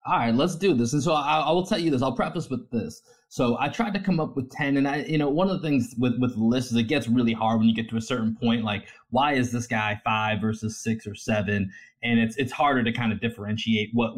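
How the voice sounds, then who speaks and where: Slightly husky man explaining calmly. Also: mid-range voice. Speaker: podcast co-host. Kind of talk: casual sports podcast chat.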